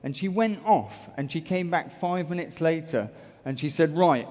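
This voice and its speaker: A man's voice: on the high side, normal speed. Motivational speaker, male, from the UK, playful crowd banter, hall reverb. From United Kingdom. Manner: energetic, jokey, bantering with the crowd. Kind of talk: stage talk to a large audience. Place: large auditorium. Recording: echoey large hall.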